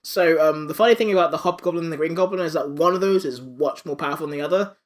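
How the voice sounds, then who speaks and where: A podcast co-host chatting casually, recapping cartoon scenes with loose, rambling energy. The voice sits at a middle pitch, acting out characters' lines as the recap goes on. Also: fast talker. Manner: rambling recaps with acted-out quotes, swearing. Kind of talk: casual chat.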